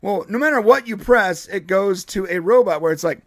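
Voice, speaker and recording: High-voiced, rambling man on a dry live stream. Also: expressive, normal speed, no room sound. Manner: rambling, laughs often, many restarts. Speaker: podcast co-host. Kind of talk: casual live-stream chat.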